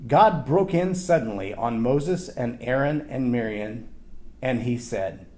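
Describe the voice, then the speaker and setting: A man giving an animated Bible teaching on leadership, often acting out quoted lines and repeating words as he thinks aloud. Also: mid-range voice, slow pace.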